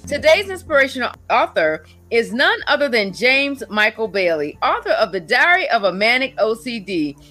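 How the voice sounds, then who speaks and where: Bright, lively woman radio host. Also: fairly high pitch, normal speed, hardly any pauses, soft background music. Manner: enthusiastic, reacts often with wow. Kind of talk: radio interview.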